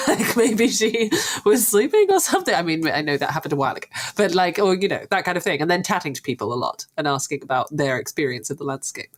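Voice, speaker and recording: A woman's voice: on the low side, lively intonation, fast. A woman co-hosting a podcast, asking curious questions and thinking aloud in casual chat. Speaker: podcast co-host.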